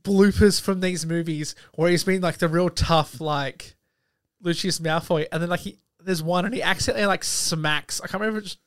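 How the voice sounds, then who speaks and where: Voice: mid-range voice, moderate pace, clean tone, no echo, clean studio sound. A co-host of a casual film podcast, rambling with many likes.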